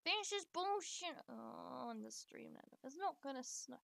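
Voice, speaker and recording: A woman casually commenting while she streams a life-sim game, chatty and sweary, talking to her characters and breaking into excited squeals. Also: high voice, unhurried, creaky, no room sound, clean studio sound. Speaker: live streamer.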